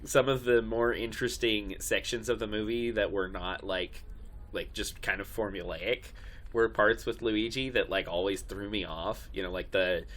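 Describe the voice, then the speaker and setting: Man, voice actor, podcast co-host, low pitch, bright forceful tone, casual chat. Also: fairly even intonation, moderate pace. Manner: chatty, frequent fillers.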